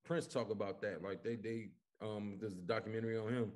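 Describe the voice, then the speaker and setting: A man from Chicago, a comedian guest, telling stories in casual podcast chat, animated and full of cursing. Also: on the low side, brisk. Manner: animated, profane storytelling.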